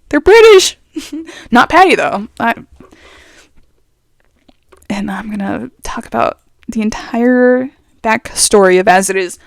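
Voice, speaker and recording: A young adult trans man chatting casually as a vlogger, rambling and expressive, his voice going up and down, speaking very close to the mic. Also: high voice, takes it slowly, gravelly, pauses often, no echo. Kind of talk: casual chat.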